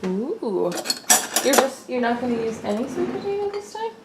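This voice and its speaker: A woman's voice: sits high, big pitch swings, normal speed, very noisy. A young woman chatting casually through her daily vlog in her home kitchen, rambling and laughing often. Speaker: vlogger.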